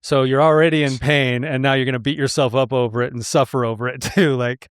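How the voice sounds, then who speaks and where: Earnest man explaining, smooth voice. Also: medium pitch, steady tone, fast talker, dry recording, clean studio sound. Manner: earnest, explanatory, with frequent laughs and sighs. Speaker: guest therapist. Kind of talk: casual podcast conversation.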